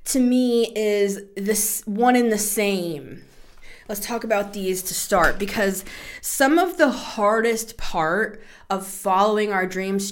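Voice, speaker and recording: Woman, 30s, tarot podcast host: animated, chatty, playful, quick to laugh. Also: mid-range voice. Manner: chatty, laughing, swears freely; animated, shifts into playful voices. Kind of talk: casual spoken tarot reading.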